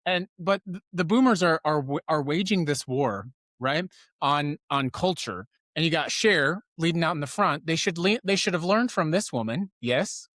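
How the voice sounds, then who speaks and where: A slightly high-voiced man hosts a live news commentary show in a rambling, sarcastic way. He cuts himself off and jumps between asides. His voice is close on the mic and dry, with no room sound. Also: animated, normal speed, a bit bright, dry recording. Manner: sarcastic, riffing, self-interrupting.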